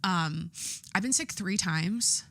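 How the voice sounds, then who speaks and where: A young woman rambles through her week on her own podcast, swearing freely and filling pauses with "um" and "like." Her voice sits fairly low and sounds a little stuffy from a head cold. The recording is dry and close, with no room echo. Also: animated, a bit bright. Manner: candid and profane, lots of fillers. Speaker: podcast host. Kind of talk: casual solo podcast monologue.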